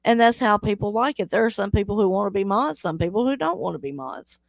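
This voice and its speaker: A woman's voice: medium pitch, quick pace, creaky, dry recording, clean studio sound. A woman hosting a casual live stream, chatting with viewers, teasing them and laughing often as she reads the chat aloud. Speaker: livestream host.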